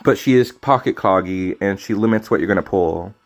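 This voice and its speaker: A man streaming a card game, chatting casually with his viewers, teasing them and breaking into loud, sudden reactions. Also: low-pitched, fairly quick. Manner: casual, teasing banter with chat. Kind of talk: live game stream commentary.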